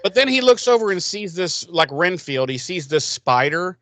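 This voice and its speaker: A man's voice: high voice, big pitch swings, moderate pace, a bit bright, no room sound. A man co-hosting a podcast, recapping an episode in a rambling, profane way and acting out characters' lines in silly voices. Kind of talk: casual crude recap chat.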